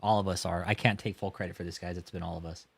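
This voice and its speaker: A man's voice: low-pitched, quick pace, gravelly, slightly rough. A man hosting a livestream, mocking and swearing as he reacts to video clips. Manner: mocking, profane, lively. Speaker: livestream host. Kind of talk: profane commentary over video clips.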